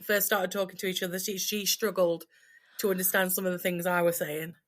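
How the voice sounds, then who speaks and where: A woman's voice: lowish voice, level tone, a little fast. A woman from Sheffield with a broad Yorkshire accent, chatting as a podcast guest in a friendly, self-deprecating way. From Sheffield, England. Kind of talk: casual podcast chat. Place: home.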